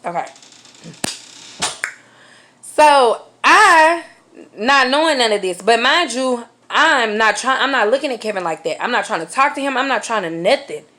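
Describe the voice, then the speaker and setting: Animated, high-voiced woman telling a story. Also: normal speed, pauses often. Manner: profane, casual slang. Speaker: vlogger. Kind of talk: storytime vlog.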